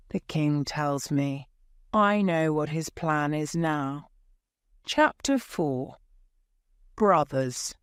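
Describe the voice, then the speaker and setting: A woman reading a graded-reader story aloud in a clear, measured storytelling way. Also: deep voice, dry recording, clean studio sound. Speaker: audiobook narrator. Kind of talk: scripted narration of a graded reader.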